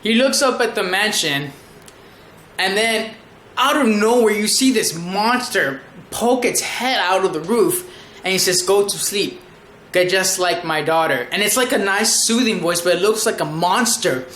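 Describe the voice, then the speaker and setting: An anime reviewer giving a casual episode recap, excitable and rambling, with frequent swearing. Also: mid-range voice, a little slow, roomy sound, a little hiss or hum.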